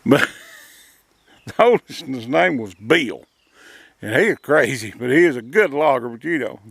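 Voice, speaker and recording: A man's voice: mid-range voice, lively intonation, measured pace, creaky, fairly bright tone, no room sound. An older man, a retired logger telling chuckling stories in casual talk. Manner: drawling rural storyteller, chuckling. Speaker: retired logger and sawmill owner. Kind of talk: casual storytelling.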